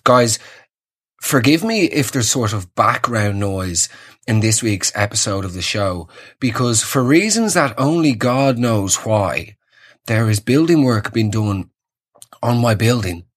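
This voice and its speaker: A man's voice: lowish voice, expressive, unhurried. A young Irish man hosting his podcast, ranting in a sarcastic, exasperated comic monologue. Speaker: podcast host. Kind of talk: casual comedic monologue.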